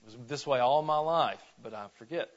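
In a church sanctuary, a Georgia man preaches a folksy, conversational sermon, peppering the congregation with questions and often restarting his sentences. His medium-pitched voice moves briskly, and the audio has its highs cut off.

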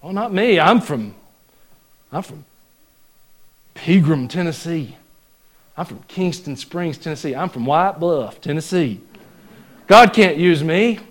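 A man's voice: a little high, animated, slow pace, long pauses. A man with a Southern US accent voicing a self-doubting small-town churchgoer who makes excuses. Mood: excuse-making.

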